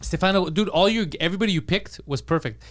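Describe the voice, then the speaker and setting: A man co-hosting a podcast, bantering in casual chat and calling his friend bro. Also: sits high. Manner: fast excited banter, says bro a lot.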